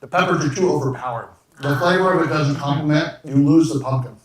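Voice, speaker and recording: A man's voice: on the high side, fast talker, very echoey, distant mic, a crowd in the background, poor audio. A man co-hosting a home cooking livestream, chatting enthusiastically while tasting food, often trailing off mid-sentence. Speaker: cooking show co-host. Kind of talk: casual livestream chat while eating.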